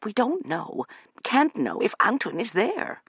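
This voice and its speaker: A man voicing a brisk, resolute older woman in an audiobook, speaking sharply and decisively. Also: high voice, huge pitch swings, a bit bright, slightly rough, no room sound, pitched above the performer's own voice, heavily acted.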